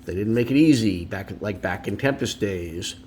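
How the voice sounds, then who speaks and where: At home, a card collector hosts a casual card-opening video, chatty and opinionated, with rambling asides. His voice is fairly low and darkish at a normal speed, with a little hiss or hum in the recording.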